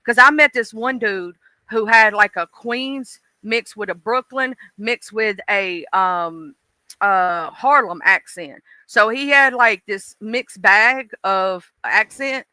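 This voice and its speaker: A woman with a mixed Southern accent chats casually on a live stream, addressing her viewers directly in a folksy way. Her medium-pitched voice is slow, pushed and bright, with no room sound.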